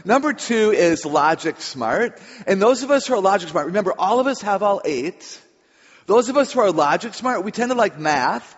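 A woman's voice: mid-range voice, expressive, moderate pace, breathy edge. A chatty woman speaker on stage, playful and drawing in her audience. Her voice rings through a big hall with long reverb and a dull, lo-fi sound. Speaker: author and speaker on children. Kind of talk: humorous talk to a live audience.

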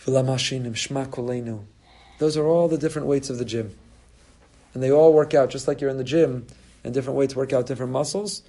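A man's voice: mid-range voice, fairly even intonation, brisk, mellow, slight background noise. A man preaching as a rabbi, earnest and building his points with repeated rhetorical phrases. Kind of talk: sermon.

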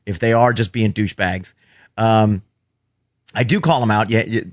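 A man's voice: on the low side, normal speed, no echo, studio quality. A man, a stand-up comedian, telling heckler stories in casual podcast chat, swearing freely and acting out quotes. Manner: profane, animated storytelling with acted-out quotes.

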